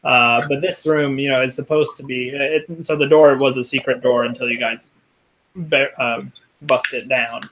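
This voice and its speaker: A man narrating as game master of a tabletop game, halting with many ums and restarts. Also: mid-range voice, steady tone, fairly bright tone, rough recording.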